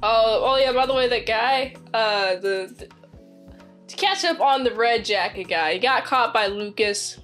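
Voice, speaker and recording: High-voiced woman rambling through a movie recap. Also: a little slow, a bit bright, soft background music. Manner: rambling, self-interrupting, giggly. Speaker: movie reviewer.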